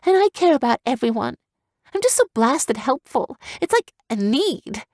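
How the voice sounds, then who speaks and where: A woman reading an audiobook, voicing a headstrong young human girl raised among griffins, with high, strained, intense outbursts. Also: big pitch swings, normal speed, a little mellow, no echo, clean studio sound. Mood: frustrated.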